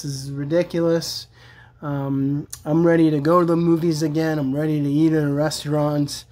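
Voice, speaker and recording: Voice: medium pitch, a little mellow. A toy collector reviewing action figures in a casual, chatty and enthusiastic way, with many fillers. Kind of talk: casual product review vlog.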